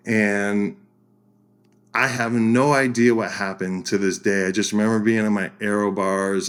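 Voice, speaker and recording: A man, a podcast guest, telling a story in a casual way, lively, acting out the voices he quotes and laughing as he goes. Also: lowish voice.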